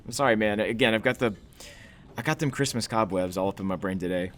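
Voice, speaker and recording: A man's voice: lowish voice, quick pace, fairly bright tone, a little hiss or hum. A man co-hosting a comedy show, riffing with rambling, hammy asides. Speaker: show host.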